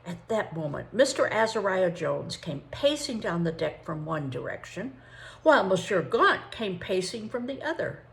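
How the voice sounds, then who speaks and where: An older woman, a grandmother, reading a chapter of a novel aloud in an expressive way. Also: on the low side, moderate pace, creaky. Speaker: storybook reader.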